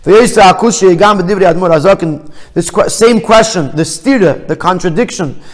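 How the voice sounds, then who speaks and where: A man's voice: high-pitched, moderate pace, in a large hall. A man teaching as a rabbi. He reads out phrases of a text, then explains them plainly, often restarting his sentences. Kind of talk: text study lesson.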